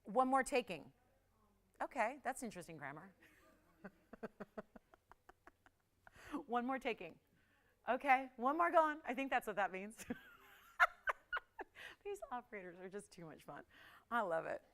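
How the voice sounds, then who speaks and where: Bright excitable lady selling jewelry live on tv, chatty, kinda high voice, laughs a lot. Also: unhurried, pauses often. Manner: chatty, excitable, laughs often, talks to callers and operators. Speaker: jewelry shopping host. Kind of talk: live TV shopping pitch.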